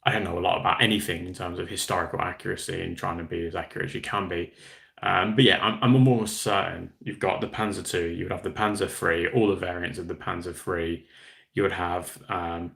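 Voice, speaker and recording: A man's voice: deep voice, fairly even intonation, brisk, gravelly, a bit bright. A man hosting a casual live stream, chatting in a rambling, self-deprecating way while answering viewer comments. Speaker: livestream host.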